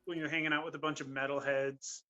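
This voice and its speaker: A man's voice: a little high, flat delivery, fast, bright, forceful tone. A man from Utah, a guest on a podcast, talking in an easygoing, matter-of-fact way in casual group chat. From Utah, United States.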